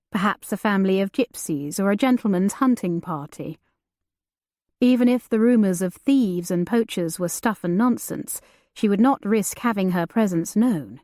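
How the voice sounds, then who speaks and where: A woman reading an audiobook as narrator, in a measured, deliberate storytelling manner. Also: mid-range voice, dark tone, no echo, studio quality. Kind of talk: scripted narration.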